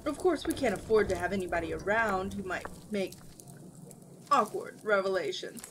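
A conceited wizard who speaks in haughty, showy tones, as a woman reading a storybook puts him on. His voice sits at an ordinary pitch, neither high nor low. A faint hum of background noise sits under the reading. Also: expressive, normal speed, natural voice. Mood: smug. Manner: haughty, grandly theatrical, shrieking when crossed. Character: smug pompous male wizard, theatrical and vain.

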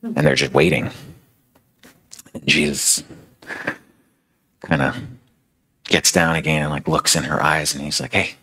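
A man's voice: very deep voice, steady tone, unhurried, pauses often, pushed and bright, poor audio. A man giving a sermon as a casual, conversational retelling of a story. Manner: casual, filler-heavy retelling. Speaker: speaker.

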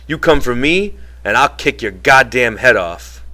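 A man reading an audiobook and voicing a gruff ranch hand who taunts bluntly. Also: medium pitch, animated, a little slow, pushed and bright. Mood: taunting.

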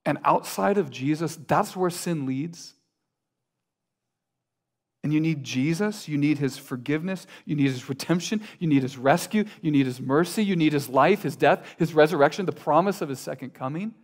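Male pastor, high-ish voice, earnest sermon delivery with repetition and quiet drops. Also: normal speed.

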